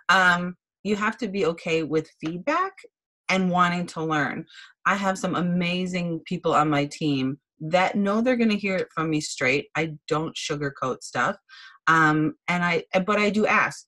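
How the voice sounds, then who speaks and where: A woman's voice: lowish voice, moderate pace, a bit bright, low-quality recording. A chatty, bubbly woman giving a blunt training talk as a team director on a video call. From Wisconsin, USA.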